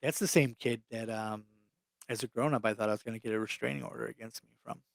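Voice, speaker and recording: A man's voice: medium pitch, fairly even intonation, fast, creaky, dry recording. A young adult man co-hosting a podcast, ranting bluntly and swearing freely in casual chat. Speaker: podcast co-host.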